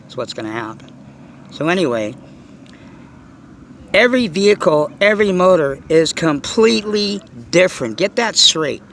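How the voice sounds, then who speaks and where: Speaking at normal speed but with long pauses, the middle-aged RC car vlogger sounds high-pitched, very animated, and fairly bright. His casual outdoor monologue about the hobby is rambling, profane, and blunt, full of fillers, with a faint hiss or hum in the recording.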